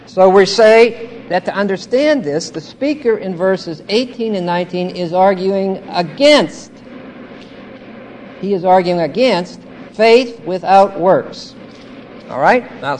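A man with a high-set voice works through a scripture passage, explaining it at an unhurried, deliberate pace. He keeps checking in with his listeners and leans hard on key words, with a faint hiss of noise behind him. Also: animated, a little mellow. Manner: stresses key words emphatically. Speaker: Bible teacher. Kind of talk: verse-by-verse Bible teaching.

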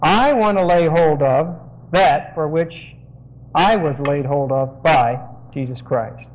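High-voiced man teaching from Scripture. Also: slow. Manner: explanatory, dictates phrases for notes. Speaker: preacher. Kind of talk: expository Bible teaching. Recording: dull lo-fi sermon recording.

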